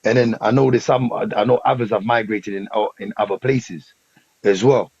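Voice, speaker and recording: Husky host in dull lo-fi audio. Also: male voice, lowish voice, steady tone, moderate pace, a little mellow, no room sound. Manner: rambling, repeats phrases, frequent "you know what I'm saying". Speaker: podcast host. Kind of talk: casual debate chat. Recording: dull lo-fi recording.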